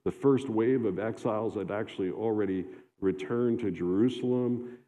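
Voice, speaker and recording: Deep-voiced pastor in a dull, echoing hall. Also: male voice, mellow. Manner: conversational, halting with restarts and fillers. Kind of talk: sermon. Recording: long hall reverb, dull lo-fi sound.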